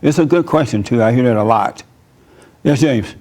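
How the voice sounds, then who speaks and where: A pastor giving an informal church sermon, talking conversationally, laughing often and telling personal stories. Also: male voice, mid-range voice, moderate pace, a little mellow.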